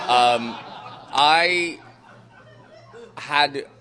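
A man's voice: a little high, very slow, bright, forceful tone. A man speaking into a handheld microphone to a live audience, telling a personal story with candid, self-mocking humor and banter.

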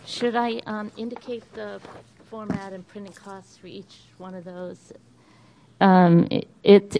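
Slow-reading woman with a Boston accent. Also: lowish voice, a little mellow. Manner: careful, deliberate reading of numbers with small hesitations. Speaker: meeting presenter reading a budget report. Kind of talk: reading figures aloud at a meeting.

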